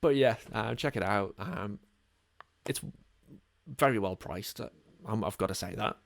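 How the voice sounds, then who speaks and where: A man's voice: lowish voice, measured pace, vocal fry, no echo. A man with an English accent hosting a casual podcast, rambling along with lots of ums. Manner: relaxed, rambling, many ums. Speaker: podcast host.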